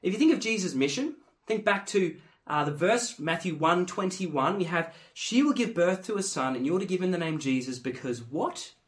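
A man delivers a sermon in a fairly high voice that rises and falls a great deal. He is earnest and emphatic, dropping low and quiet before pressing key words hard. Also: animated, moderate pace. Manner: earnest, emphatic, swings from hushed to forceful. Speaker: preacher.

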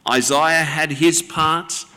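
A man preaching a sermon as the pastor, slow and deliberate, with measured pauses between phrases. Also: on the high side, fairly even intonation, pushed and bright, smooth, in a large hall.

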